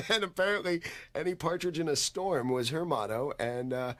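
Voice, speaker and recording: A man's voice: fairly high pitch, moderate pace. Man telling a wry anecdote. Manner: wry storytelling. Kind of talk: comedic anecdote.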